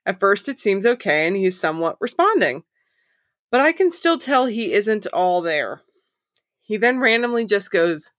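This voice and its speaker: A woman's voice: medium pitch, animated, unhurried, a bit bright, no echo, studio quality. A woman hosting a podcast, reading listener stories aloud in a casual way, swearing freely and laughing often. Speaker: podcast host.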